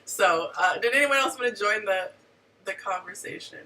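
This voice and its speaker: A middle-aged woman hosting a casual talk show, frank and animated, telling stories with quoted asides. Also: mid-range voice, moderate pace, distant mic, rough recording. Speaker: host.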